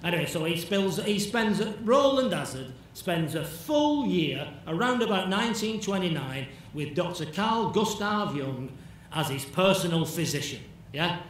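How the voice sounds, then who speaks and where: A man gives a chatty conference lecture and acts out bits of dialogue. His voice sits slightly high. He is picked up from a distance in an echoey hall, with faint noise underneath. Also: expressive, a little slow, a bit bright. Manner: conversational, checks in with "yeah?", acts out imagined dialogue.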